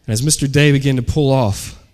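A man's voice: mid-range voice, brisk. A man, a pastor, telling a story during a sermon and acting out the people in it. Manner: animated storyteller, acts out shouted quotes.

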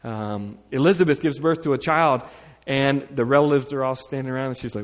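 A male pastor preaching in a relaxed, conversational style, mixing scripture with humorous asides. His voice sits in the middle range and carries a long reverberant tail, as if spoken into a large hall. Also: medium pitch, a little fast. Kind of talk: sermon.

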